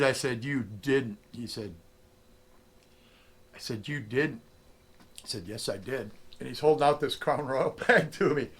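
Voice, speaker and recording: A middle-aged man, a prospecting vlogger, telling a story casually and acting out the lines of the people in it. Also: medium pitch. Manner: animated storyteller, acts out quotes.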